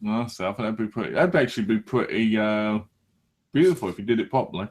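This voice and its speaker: A man's voice: lowish voice, animated, fast. A man from England hosting a casual podcast, chatting in a joking, rambling way with restarts and some swearing. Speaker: podcast host. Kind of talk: casual banter.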